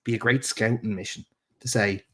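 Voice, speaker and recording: A man's voice: fairly low pitch, steady tone, normal speed, bright, forceful tone, husky. A man co-hosting a football podcast, laid-back, swearing casually and laughing easily. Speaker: podcast co-host.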